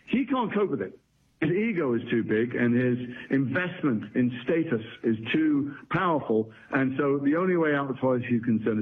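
Husky man on a tinny phone line. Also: mid-range voice. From England. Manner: thoughtful, articulate, wry, many restarts. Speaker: actor guest. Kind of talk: casual interview chat.

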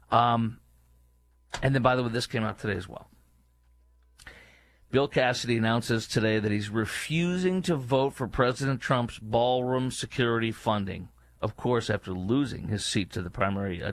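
A man hosting a political commentary show, delivering an indignant, emphatic rant that leaps up in pitch and loudness, then drops into low, muttered asides. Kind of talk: opinionated monologue.

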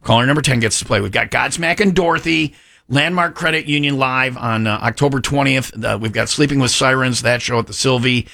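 A man, hosting a morning radio show in chatty, animated banter. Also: medium pitch, creaky, dry recording, clean studio sound. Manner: chatty, animated, with halting restarts. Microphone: studio microphone.

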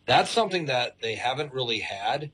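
A man joins a radio show as a sports commentator guest. He talks in a measured, analytical way, and his bright voice has a husky grain. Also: mid-range voice, expressive. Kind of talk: casual sports talk.

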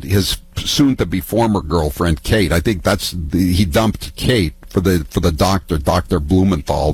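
An older man, telling political stories in a rambling, halting way full of restarts. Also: sits low, husky, no echo. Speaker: political talk guest. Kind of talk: casual political storytelling.

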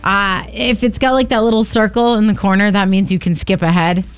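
A woman co-hosting a radio show speaks a little fast in a clear, resonant, mid-range voice with fairly even intonation. She chats through casual stories, saying "like" constantly and laughing at her own tales, while a faint music bed plays in the studio.

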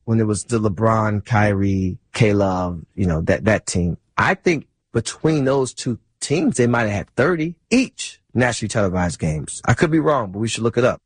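A man's voice: on the low side, lively intonation, normal speed, hardly any pauses, breathy edge, no room sound. A man as a podcast guest in casual conversation, speaking with dry sarcasm.

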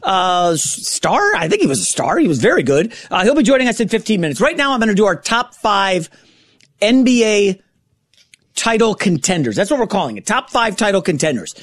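A middle-aged man filling in as a sports radio host, talking in an excitable, rambling way with quick self-corrections, in a radio studio. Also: sits high, dry recording.

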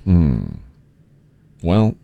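A man's voice: sits low, sing-song, very slow, narrow, tinny audio. A man co-hosting a radio show, chatting casually with loose, rambling storytelling.

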